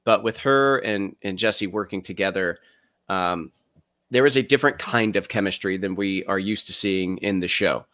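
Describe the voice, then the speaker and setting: Male podcast co-host, lower register, measured recapper, dry close-miked sound. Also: fairly bright tone, dry recording. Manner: thoughtful, recaps scenes at length. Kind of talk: casual podcast chat.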